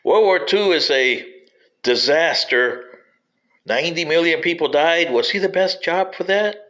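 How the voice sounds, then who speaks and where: A man's voice: a little high, unhurried, sharp tone, poor audio. A man giving a rambling spoken history commentary, digressive and wry, sometimes addressing politicians directly.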